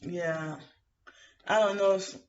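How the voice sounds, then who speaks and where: A woman's voice: mid-range voice, steady tone, slow pace. A woman venting in a rambling, aggrieved monologue, full of fillers and restarts. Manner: aggrieved, indignant. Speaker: vlogger. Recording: muffled lo-fi audio from some distance to the mic.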